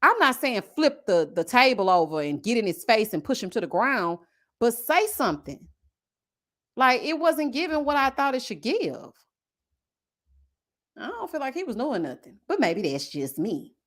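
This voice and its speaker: A woman with a Southern US accent hosting a casual live-stream review, reading viewer comments and answering with sassy, animated asides. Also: on the high side, moderate pace. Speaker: reality TV review host. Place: home setup with a desk mic.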